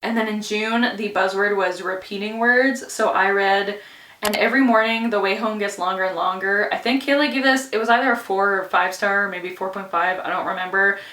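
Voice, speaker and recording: A woman's voice: medium pitch, moderate pace, sharp tone, far from the mic. Giggly chatty woman in a roomy echo. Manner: chatty, giggly, lots of "like" and "anyways". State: out of breath. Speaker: book vlogger. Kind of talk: casual reading vlog.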